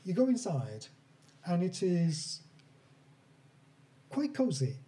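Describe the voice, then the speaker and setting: A man running a tabletop horror game, narrating scenes in an unhurried, descriptive way. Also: sits high, huge pitch swings, dark tone. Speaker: game master.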